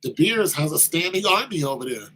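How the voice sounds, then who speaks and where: A man with a husky, slightly raised voice tells his story with lively energy. His tone is bright and sharp. He acts out the back-and-forth exchanges himself. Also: a little high, a little fast, poor audio. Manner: animated storytelling, acting out quoted exchanges. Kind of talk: casual talk.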